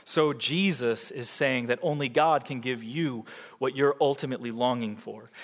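Preaching man, echoing hall. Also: moderate pace. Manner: swings from loud emphatic peaks to hushed low passages. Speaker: pastor. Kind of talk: sermon.

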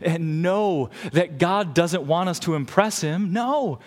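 A man pastor delivers an earnest sermon in a church, telling stories to press his point. His voice sits somewhat high. A long hall reverb trails every phrase. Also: lively intonation, slow. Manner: earnest, illustrative storytelling, rising intensity.

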